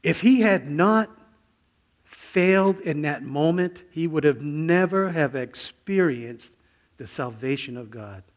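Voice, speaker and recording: A middle-aged man preaching a sermon, telling a personal story and swinging between hushed, near-whispered lines and sudden loud bursts. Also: fairly high pitch, expressive, slow. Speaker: pastor.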